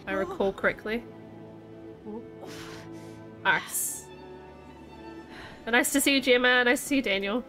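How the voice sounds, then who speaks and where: A woman live-streaming a game in a chatty, animated way, with a mid-range voice that often rises into a questioning lilt. Game music plays faintly underneath. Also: medium pitch. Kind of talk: casual game commentary.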